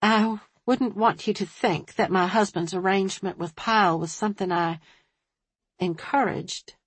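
A woman voicing a nervous grieving widow who speaks in a hushed, careful, faltering way. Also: mid-range voice, a little slow, slightly rough, dry recording. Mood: guarded.

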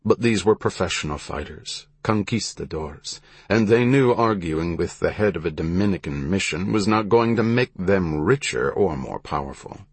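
A man reading a historical story aloud in measured, even scripted narration. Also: sits low, breathy edge, dry recording.

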